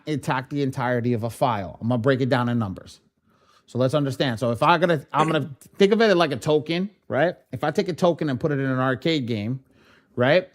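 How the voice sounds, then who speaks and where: A man acting as software trainer, speaking casually and in slang straight to the viewers of a live online class. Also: mid-range voice.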